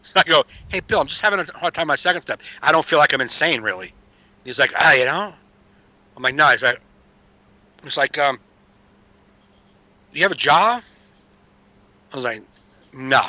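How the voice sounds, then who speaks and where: Bright-voiced streetwise man telling stories. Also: fairly high pitch, animated, moderate pace, long pauses, no echo, dull audio. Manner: streetwise storyteller, swears freely. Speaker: podcast guest. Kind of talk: casual chat.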